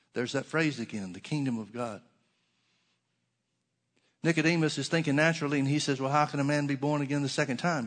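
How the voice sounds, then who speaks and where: With a mid-range voice, this preacher delivers his sermon earnestly, returning again and again to key phrases. When he quotes scripture, he slows down and draws it out.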